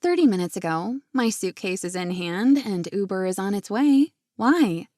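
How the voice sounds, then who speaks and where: A woman's voice: mid-range voice, lively intonation, normal speed, darkish tone, no echo, clean studio sound, close to an everyday voice. A woman voicing an eager, flustered young woman who talks in a lightly raised, breathless voice.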